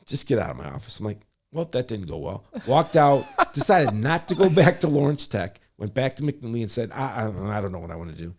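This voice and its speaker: Telling a story in conversation, a middle-aged man from Michigan who works as a public servant mimics others' quoted lines and rapidly corrects himself. His voice is medium-pitched with lively intonation.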